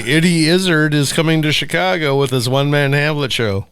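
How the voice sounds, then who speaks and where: A man co-hosting a podcast, tossing in quick jokes and puns in casual chat. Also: fairly high pitch, a bit bright, clear, resonant tone, no echo, studio quality. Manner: joking, quick asides and puns. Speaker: podcast co-host.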